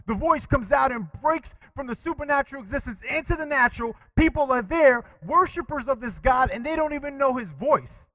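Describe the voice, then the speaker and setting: High-voiced man preaching a lively sermon. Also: a little fast, few pauses, rough recording. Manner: animated preaching, asks the congregation for responses. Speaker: pastor.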